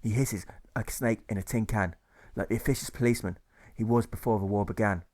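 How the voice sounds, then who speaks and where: A man's voice: on the low side, quick pace, a little mellow. Man reading rhyming verse rhythmically. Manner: rhythmic, stressing the rhymes. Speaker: author reading his own novel. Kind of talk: scripted audiobook narration of rhyming verse.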